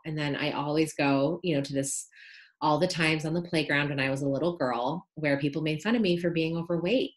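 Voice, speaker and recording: Woman, low voice, earnest, reflective, casual podcast guest. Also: brisk. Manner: earnest, reflective, uses like and you know. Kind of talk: casual interview chat.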